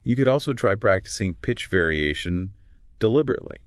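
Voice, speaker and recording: A man's voice: on the low side, lively intonation, brisk, no room sound, studio quality. A man co-hosting a scripted conversation about learning English, agreeable and prompting follow-ups. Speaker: co-host. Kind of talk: scripted two-host explainer on learning English.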